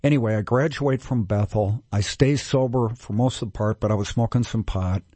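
A man in his sixties from Minnesota, telling his recovery story in a candid, self-mocking, animated way. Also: lowish voice, moderate pace, slightly rough, dry recording. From Minnesota, USA. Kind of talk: casual storytelling.

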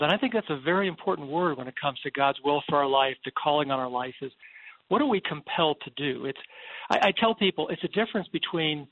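A man's voice: fairly high pitch, no room sound, narrow, tinny audio. A man, a minister co-hosting a radio call-in show, giving earnest advice to a caller. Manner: earnest, advising, preacherly. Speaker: guest co-host, minister.

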